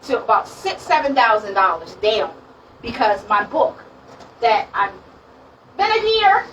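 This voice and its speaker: A woman, sharing her testimony at a women's conference in a lively, laughing storytelling manner. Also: mid-range voice, unhurried, heavy background noise. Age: late 40s. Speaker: minister and speaker. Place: conference room with audience. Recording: distant mic, audience sounds.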